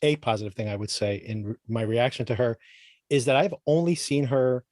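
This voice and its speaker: Fast-talking opinionated man. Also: mid-range voice, darkish tone, no room sound, studio quality. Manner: rambling, opinionated, restarts mid-phrase. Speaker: podcast co-host. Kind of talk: casual chat.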